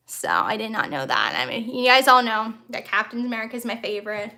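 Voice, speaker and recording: A woman's voice: on the high side, animated, a little fast, few pauses, bright, forceful tone. A woman hosting a casual live stream from a phone on a tripod, rambling and reading out viewer comments as she goes. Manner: chatty, rambling, reads viewer comments aloud.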